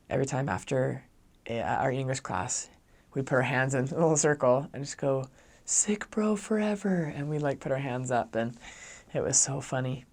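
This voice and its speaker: A man's voice: mid-range voice, creaky. A young adult man, a returned missionary, telling a story in a casual, chatty way and saying "like" a lot. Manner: chatty, heavy use of "like", animated.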